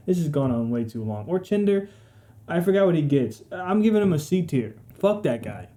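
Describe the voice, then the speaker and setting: A man's voice: a little high, very animated, moderate pace, mellow. A man giving a casual, rambling game ranking commentary, profane, slangy and sarcastic. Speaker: gaming video creator.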